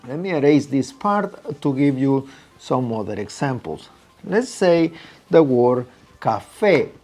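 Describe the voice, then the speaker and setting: A man's voice: mid-range voice, animated, slow, darkish tone, soft background music. A man teaching a lesson, patiently repeating key points and stretching out syllables. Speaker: Spanish teacher. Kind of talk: explaining at a whiteboard.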